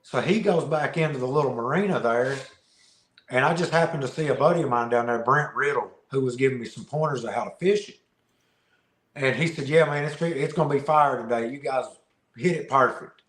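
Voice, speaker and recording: A podcast guest who makes fishing videos tells stories in a casual interview, speaking at medium pitch and a little fast. He's animated, laughs often, and repeats words, and the recording has a roomy echo.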